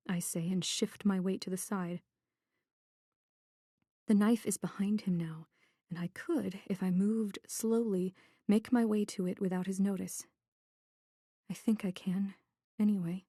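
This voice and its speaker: A woman narrating a first-person thriller audiobook in a tense, measured voice. Her pitch sits at a middle level for a woman. The recording is dry, with no room echo. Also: steady tone, mellow.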